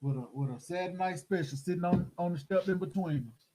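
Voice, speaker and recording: A middle-aged man telling a story in casual chat, animated and acting out the voices of the people in it. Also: high-pitched, fast, poor audio. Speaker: host.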